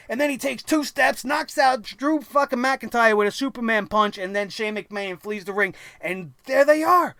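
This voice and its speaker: A man's voice: very high-pitched, normal speed, creaky, hardly any pauses, a bit bright, dry recording. A man hosting a wrestling review show, ranting angrily and sarcastically and swearing constantly.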